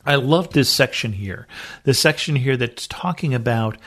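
A man's voice: mid-range voice, lively intonation, normal speed, fairly bright tone. A man from the United States teaching a Bible study podcast, reading scripture aloud and then explaining it earnestly.

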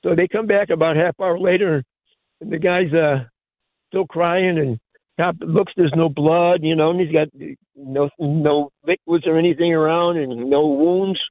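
An older man calling in to a radio show, telling jokes with frequent chuckles and halting restarts. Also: a little high, fairly even intonation, no room sound. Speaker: caller. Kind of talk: casual call-in chat. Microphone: phone. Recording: tinny phone line.

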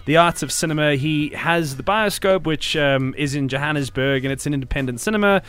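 A man with a South African accent hosting a casual radio chat in a studio, talking quickly with hurried asides. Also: a little high, a bit bright, clear, resonant tone. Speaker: radio host.

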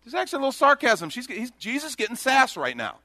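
Animated pastor preaching with bright tone. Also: male voice, extremely high pitch, fast talker, no room sound, studio quality. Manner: animated storytelling, voicing Bible characters in quotes. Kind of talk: sermon.

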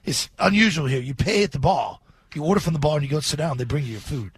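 Husky, animated male radio co-host. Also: fairly high pitch, quick pace. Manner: animated storyteller. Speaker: radio co-host and former player. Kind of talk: casual sports radio banter.

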